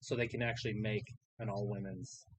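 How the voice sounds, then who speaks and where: A woman's voice: a bass voice, brisk, husky, low-quality recording. A woman co-hosting a casual live watch-along stream, joking and commenting as the show plays. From Idaho, USA. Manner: lively, joking commentary with frequent laughs. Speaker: co-host.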